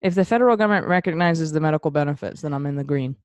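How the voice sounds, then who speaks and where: A woman's voice: sits low, rapid-fire, darkish tone, dry recording. A young woman co-hosting a podcast, teasing her friend with laughing banter in casual chat. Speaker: podcast co-host.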